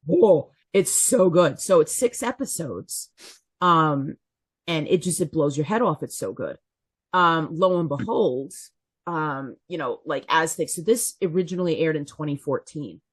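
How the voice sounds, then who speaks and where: A woman with a somewhat low voice chats on a podcast and tells stories from her teaching. She acts out little quotes and corrects herself mid-sentence. The sound is dry and close-miked. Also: a little slow, breathy edge, no room sound. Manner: chatty storyteller, self-correcting, animated quotes. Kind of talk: casual chat.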